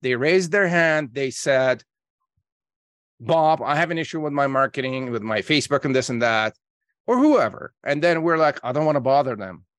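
A man being interviewed on a podcast as a marketing coach, explaining his ideas with lively quoted examples. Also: mid-range voice, moderate pace, dry recording. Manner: energetic storyteller acting out calls in quotes.

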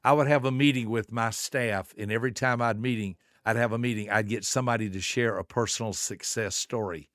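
A man in his seventies hosting a motivational podcast, preaching with emphatic rhetorical questions and swinging between soft asides and booming lines. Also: steady tone, brisk, few pauses, no room sound, studio quality. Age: 70s. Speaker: podcast host and motivational speaker.

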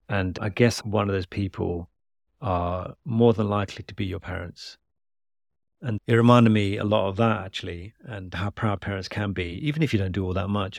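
A man's voice: sits low, creaky, no room sound, clean studio sound. A man, hosting a podcast and chatting casually about tweets, rambling and self-deprecating. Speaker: podcast host.

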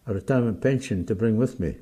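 A man's voice: lowish voice, fast, dark tone, slightly rough. An older man with a Scottish accent, a guest in an interview, speaking plainly and bluntly. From Scotland. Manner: blunt, plain-spoken, unsmiling. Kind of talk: casual interview.

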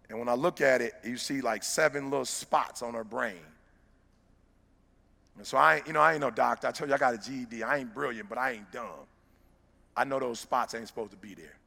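Gravelly-voiced man giving a fiery motivational speech. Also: medium pitch, sharp tone. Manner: emphatic, preacher-like, direct address to listeners. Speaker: motivational speaker. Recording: long reverb of a large hall.

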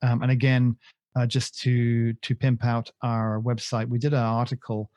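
A man's voice: mid-range voice, completely flat delivery, moderate pace, darkish tone, no echo. Rambling, self-mocking podcast man. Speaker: podcast co-host. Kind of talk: casual chat.

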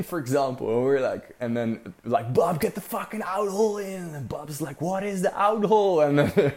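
A man's voice: medium pitch, mellow. Rambling young man telling a story. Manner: rambling, lots of fillers, swearing, laughs while telling. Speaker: vlogger recounting a sailing trip. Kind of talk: casual storytelling.

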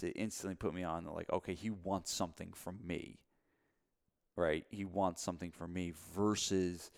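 Deep gravelly guy on a podcast, rambly, lots of "you know". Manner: rambling, many fillers and restarts. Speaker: podcast co-host, gym owner and mentor. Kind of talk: casual podcast chat.

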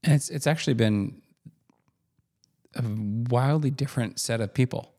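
A man's voice: medium pitch, normal speed, dark tone. A man co-hosting a podcast in casual chat, joking, laughing often and restarting his sentences. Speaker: podcast co-host.

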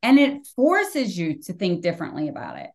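A woman's voice: fairly low pitch, huge pitch swings, normal speed, creaky. A woman hosting a podcast interview who asks thoughtful follow-up questions that build on what her guest has said. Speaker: podcast host.

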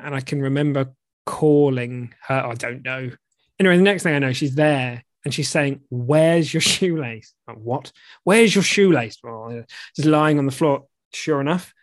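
A man's voice: mid-range voice, no room sound, clean studio sound. A man from the UK co-hosting a podcast, telling stories in casual chat with frequent laughs. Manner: chatty, laughing, animated storytelling. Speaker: podcast co-host.

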